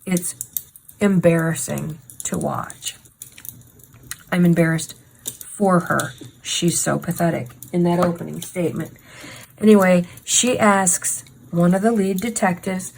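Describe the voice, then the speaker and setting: A woman's voice: lowish voice, a little slow, creaky, a little mellow, slight background noise, rough recording. A woman hosting a casual true crime chat while crafting, talking in an indignant, sarcastic, emphatic way. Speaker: host.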